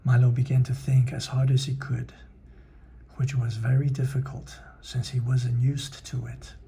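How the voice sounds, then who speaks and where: A man reading a children's book aloud, pausing to explain and translate it, in a husky, careful manner. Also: mid-range voice, level tone, dark tone, slight background noise. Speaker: reader.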